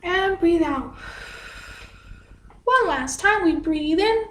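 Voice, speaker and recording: Here the voice is extremely high and animated, slightly bright, belonging to a woman leading young kids in dance and yoga. Her gentle, unhurried instruction is sing-song and patient, each step made simple. It's a livestream from a home room with echo and a little background noise.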